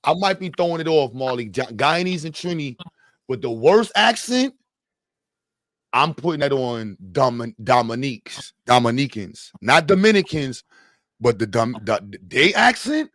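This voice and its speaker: A man's voice: mid-range voice, fairly bright tone, no echo. Joking Brooklyn man, dry close sound. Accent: Brooklyn New York. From Brooklyn, New York. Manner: profane, joking, slangy. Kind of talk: casual chat.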